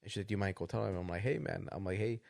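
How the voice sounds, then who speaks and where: A man's voice: fairly low pitch, racing, creaky, heavy background noise. A man co-hosting a podcast, casually retelling a story and acting out the quotes with frequent laughter. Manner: animated retelling, acts out quotes, laughs often. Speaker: podcast co-host.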